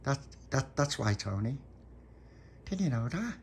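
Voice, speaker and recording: A man's voice: mid-range voice, sing-song, a little slow, creaky, a little mellow, husky, pitched above the performer's own voice, heavily acted. A man voicing a clever little girl who patiently explains things, stumbling a little. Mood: explaining.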